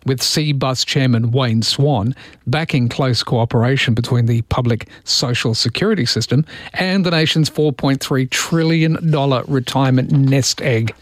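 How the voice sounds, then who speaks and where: A man's voice: medium pitch, a little slow, no echo. Chatty Australian man hosting morning radio. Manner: chatty, self-mocking, reads listener texts aloud. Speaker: radio host. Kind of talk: early-morning radio chat and news rundown.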